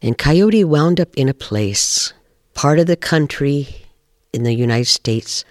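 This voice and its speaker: A man from the Pacific Northwest telling a traditional animal folk tale in a measured, animated way. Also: fairly high pitch, no echo, clean studio sound. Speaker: storyteller. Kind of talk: oral folk storytelling.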